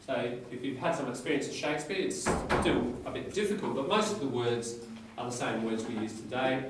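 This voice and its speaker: A man's voice: mid-range voice, brisk, background noise. Male teacher, plain mid-range voice, explains in short chunks, distant and echoey. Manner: explains in short phrases, checks in with the class. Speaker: English teacher. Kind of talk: classroom lecture with reading aloud. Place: classroom. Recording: echoey classroom from far off.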